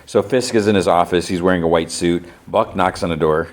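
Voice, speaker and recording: A man hosting a podcast, casually retelling a TV episode scene by scene in quick quoted dialogue. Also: deep voice, steady tone. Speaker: podcast host.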